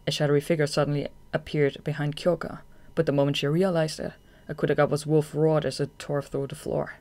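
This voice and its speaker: A narrator reading a fan audiobook in an even, measured way. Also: mid-range voice, vocal fry.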